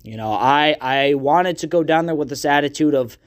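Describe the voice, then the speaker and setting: A man's voice: on the high side, moderate pace. A young man hosting a podcast, ranting in a casual, profane monologue full of fillers. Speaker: podcast host.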